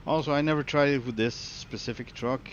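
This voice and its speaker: A man's voice: medium pitch, fairly quick, highs cut off. A man with a Swedish accent, a streamer chatting casually and joking while playing a driving game. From Sweden. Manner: relaxed, joking, thinks aloud. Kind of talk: casual gameplay commentary. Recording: loud engine noise under the voice.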